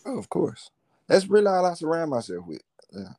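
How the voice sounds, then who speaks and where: A man's voice: a little high, very animated, fairly quick, darkish tone. A man being interviewed as a musician and entrepreneur, talking in a laid-back, rambling way with plenty of slang. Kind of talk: casual interview chat.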